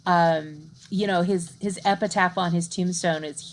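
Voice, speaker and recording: A middle-aged woman delivers a recorded literature lecture. Her voice sits a little low, and she talks conversationally, often checking in with her listeners. She slows down when she reads verse aloud. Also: fairly even intonation.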